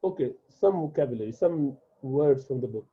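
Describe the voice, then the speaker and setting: With lively intonation and a moderate pace, a medium-pitched, breathy-edged man patiently teaches beginners Arabic, drilling words individually and repeating them. His first language is Urdu, and he's giving a classroom lesson explanation. The audio has a tinny, phone-like quality.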